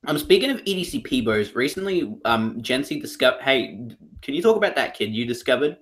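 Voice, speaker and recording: A man's voice: mid-range voice, sing-song, brisk, fairly bright tone. Rambling young Australian man. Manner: rambling, many fillers and restarts. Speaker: podcast co-host. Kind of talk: casual chat.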